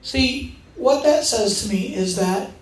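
A woman's voice: on the high side, takes it slowly, a little hiss or hum. A woman preaching a sermon, telling stories and acting out the voices in them. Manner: animated storytelling, acting out quoted voices. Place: church hall. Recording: echoey room.

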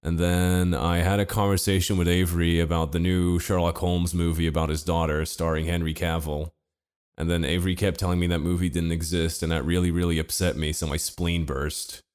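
A man's voice: sits low, level tone, brisk, a little mellow, clean tone. A man casually telling a long personal story to friends, laid-back and swearing freely. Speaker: podcast co-host telling a story.

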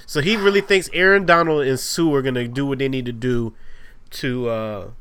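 A man's voice: medium pitch, moderate pace, a bit bright, a little hiss or hum. A man co-hosting a casual sports chat, reacting to his partner with short remarks and laughter. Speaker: sports podcast co-host.

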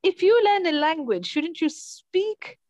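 A woman's voice: very high voice, very animated, unhurried, a little mellow, no echo, lo-fi sound. A woman hosting a podcast, asking probing questions in a casual discussion. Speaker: host.

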